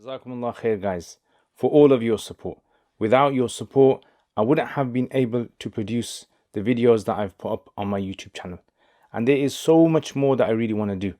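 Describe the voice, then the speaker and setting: A man teaching a lesson on religious texts in an unhurried, reflective way, pausing with fillers as he explains. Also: mid-range voice, mellow, dry recording, studio quality. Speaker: Islamic teacher.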